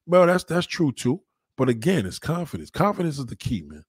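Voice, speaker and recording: A man hosting a live stream, reading viewer comments aloud and mocking them with loud, heavy-swearing swagger. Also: on the high side, big pitch swings, fairly quick, husky, no room sound. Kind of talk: profane live chat reading.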